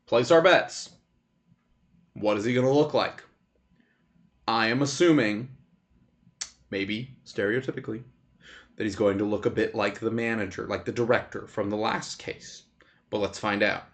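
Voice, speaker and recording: A man streaming a game, commenting casually in a relaxed, rambling way. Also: fairly low pitch, moderate pace, long pauses, soft background music.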